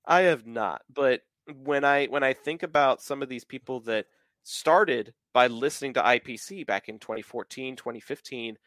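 A man's voice: mid-range voice, moderate pace, a bit bright, no echo. A man in his thirties from the American South, talking at length as a podcast host, with plenty of filler words. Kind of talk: casual podcast chat.

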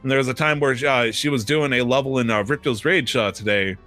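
A man's voice: medium pitch, brisk, bright, forceful tone, soft background music. A man co-hosting a podcast, chatting casually in a rambling way with many fillers and restarts. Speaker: podcast co-host. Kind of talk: casual chat.

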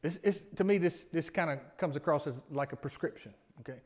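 A man's voice: on the high side, fairly quick. A middle-aged man preaching a sermon in a folksy, conversational way, drawing responses from the congregation. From Alabama, US. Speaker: pastor.

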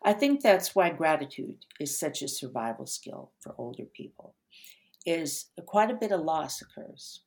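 Very low-voiced older woman, gentle. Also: animated, gravelly, slightly rough. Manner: gentle, unhurried storyteller with soft trailing endings. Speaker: author and therapist guest. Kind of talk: reflective interview talk.

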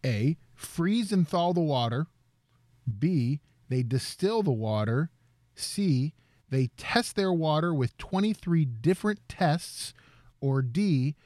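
A man hosting a trivia game, reading out questions and answer choices slowly and deliberately. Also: a little high, lively intonation, a little mellow, no room sound, studio quality. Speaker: quiz host.

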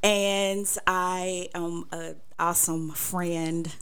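Female guest, unhurried giggly delivery, bright voice. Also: on the low side, little pitch movement, clear, resonant tone. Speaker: podcast guest. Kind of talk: casual podcast chat.

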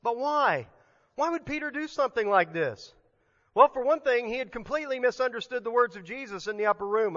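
A man's voice: high-pitched, bright, forceful tone, long reverb tail, dull audio. A male pastor preaching a sermon in a conversational, emphatic way, often restarting his sentences.

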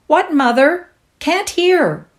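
A woman's voice: sing-song, unhurried. Woman voicing a breathless, gushing young girl. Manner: high and bright, gushing.

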